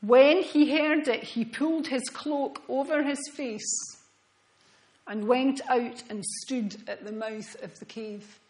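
A woman delivers a sermon at an unhurried pace. Her voice sits a little high, and her earnest, reflective delivery often sinks into soft, hushed tones. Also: steady tone, low-quality recording. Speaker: preacher.

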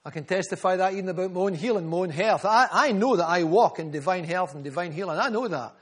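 A man's voice: sits high, fast talker, breathy edge. A man preaching a sermon, fervent and rhythmic, calling out members of the congregation by name. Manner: rhythmic repetition, builds in volume.

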